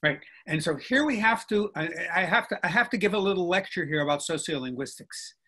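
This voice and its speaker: A man's voice: high voice, lively intonation, fairly quick, bright, forceful tone. An older man, a linguistics professor, lecturing in a professorial, step-by-step way over a video call and checking in with listeners as he explains. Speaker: linguistics professor, guest speaker. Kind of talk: lecturing in a virtual conversation.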